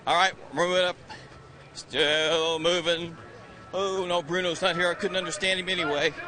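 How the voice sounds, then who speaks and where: A man's voice: high voice, steady tone, normal speed, soft background music. A man in his sixties, out of breath, teasing drivers during live interviews outdoors on a racing grid. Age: 60s. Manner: joking, teasing, shouts greetings. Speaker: pit reporter.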